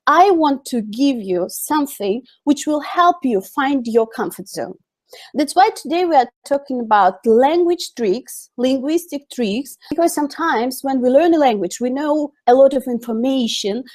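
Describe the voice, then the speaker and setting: A woman's voice: high-pitched, darkish tone. A woman with a Russian accent teaching English communication in a webinar, chatty with frequent fillers. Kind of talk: webinar lesson.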